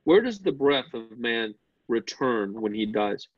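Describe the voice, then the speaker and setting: A man's voice: mid-range voice, lively intonation, a little slow, no echo, lo-fi sound. A man teaching a Bible class, explaining step by step, asking the class questions and often repeating words as he starts a sentence.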